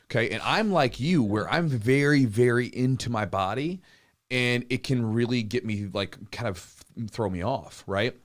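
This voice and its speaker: A man in his thirties hosting a live podcast Q&A, chatting casually and telling stories with lively acted-out quotes. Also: mid-range voice, moderate pace. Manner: animated storyteller, acts out quotes, swears casually. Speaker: podcast host and jiu-jitsu coach.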